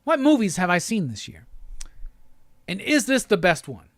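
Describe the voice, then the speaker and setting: A man's voice: high voice, big pitch swings, moderate pace, no room sound, studio quality. A man hosting a live pop-culture stream, ranting with lots of profanity and exasperation. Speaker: host.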